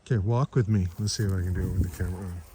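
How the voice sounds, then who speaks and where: A middle-aged man, a farm church minister, chatting casually on a windy farm and cooing at his animals in high baby talk. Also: fairly even intonation, rapid-fire, warm tone.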